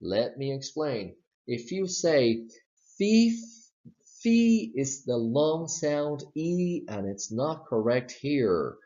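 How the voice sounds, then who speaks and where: A man with a Southern US accent teaching English pronunciation, modeling words slowly and repeating them. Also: medium pitch, big pitch swings, dark tone. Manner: slow, modeling words with exaggerated repetition. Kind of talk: slide-based pronunciation lesson. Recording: dull lo-fi recording.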